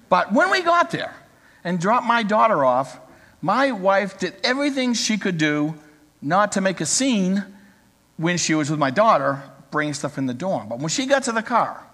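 High-voiced pastor in his 60s. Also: fairly bright tone. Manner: conversational, joking with the congregation. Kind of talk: sermon. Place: church. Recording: reverberant church hall.

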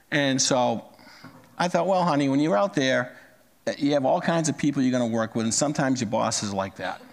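A man in his sixties telling a personal story in a plain-spoken, conversational way. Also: a little high. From United States. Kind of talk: storytelling talk.

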